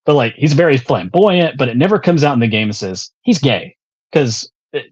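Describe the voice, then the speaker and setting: A man chatting casually as a guest on a podcast, relaxed and swearing lightly, sometimes pausing to search for a word. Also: medium pitch, husky, highs cut off.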